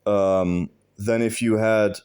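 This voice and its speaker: A video host lays out advice in a direct, blunt monologue, swearing freely and repeating phrases for stress. His lowish voice is smooth and a bit mellow, with a steady tone and slow pace.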